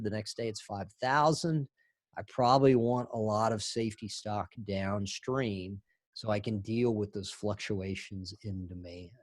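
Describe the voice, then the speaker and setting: A man's voice: medium pitch, no room sound, studio quality. A middle-aged man giving a recorded lecture as an instructor, talking conversationally with rambling asides.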